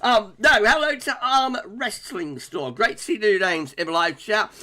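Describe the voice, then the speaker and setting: Reading viewer comments aloud on his weather livestream, a man keeps things casual, laughing frequently and filling pauses with filler words. He speaks at a moderate pace in a sharp, high-sitting voice.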